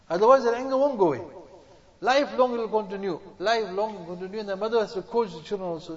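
A man's voice: sits high, quick pace. A man preaching a sermon, exhorting his listeners and repeating phrases for emphasis. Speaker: Islamic preacher. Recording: dull echoey hall recording.

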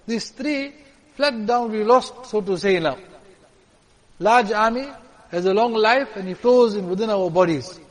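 A man preaching a sermon with stories, repeating lines and swinging from loud to hushed. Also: sits high. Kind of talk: sermon with storytelling. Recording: reverberant hall.

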